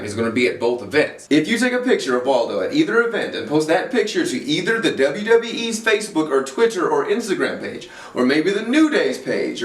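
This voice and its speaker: A man doing comedic roast commentary in an animated, profane, mocking way. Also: medium pitch, echoey room, distant mic. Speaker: comedy video creator.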